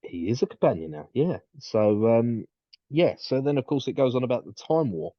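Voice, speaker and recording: A man's voice: medium pitch, big pitch swings, normal speed, dry recording, highs cut off. A man co-hosting a casual chat, rambling and repeating his words as he talks things through. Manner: rambling, repeats words, quotes in put-on asides. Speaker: podcast co-host.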